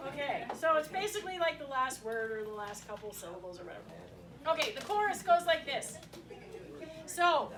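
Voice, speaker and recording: A woman's voice: high-pitched, sing-song, moderate pace. A Canadian woman folk singer singing and chatting with her audience at a live cafe concert. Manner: chatty, laughing, coaxing the audience to sing along. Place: small cafe venue with audience. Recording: roomy live recording from a distance, with crowd and music.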